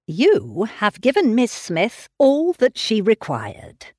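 A woman voicing a gallant, fawning young gentleman, effusive and flattering in a slow, eager manner. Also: a little high, breathy edge, no room sound, clean studio sound, voice pushed up, full character voice. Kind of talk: audiobook character reading.

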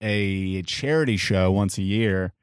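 A man in his thirties from Vermont, a guest comedian in casual podcast chat, self-deprecating and quick to laugh. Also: low voice, clear, resonant tone, no room sound, studio quality.

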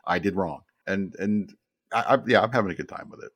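A man in his fifties with a deep, low voice tells stories as an interview guest. He rambles, restarts and repeats words, and he sounds close and dry, with no room around him. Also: quick pace, fairly bright tone, no echo. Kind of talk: casual storytelling in an interview.

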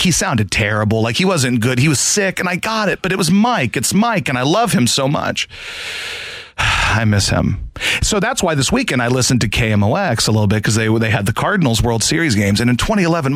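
A man in his thirties hosting sports talk radio, telling a long story in an animated way with shouted asides. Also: mid-range voice, dry recording. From St. Louis area.

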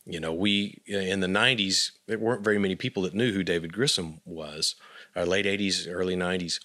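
A man from West Texas with a very low voice talks as an interview guest. He drifts through his memories in a meandering, reflective way. The sound is dry and close, with no room around him. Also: steady tone, a little fast, pushed and bright, dry recording. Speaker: musician guest. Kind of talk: casual interview chat.

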